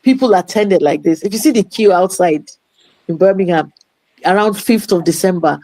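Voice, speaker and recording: A woman's voice: fairly low pitch, moderate pace, no echo, poor audio. Woman telling a story with animation. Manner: animated storyteller mixing English with Yoruba phrases. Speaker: interview guest, playwright and promoter. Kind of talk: casual storytelling interview.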